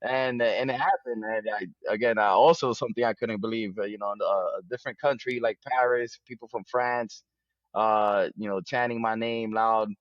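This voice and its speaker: A man's voice: fairly low pitch, steady tone, moderate pace, dry recording, highs cut off. A man as an interview guest, talking casually with many restarts and fillers.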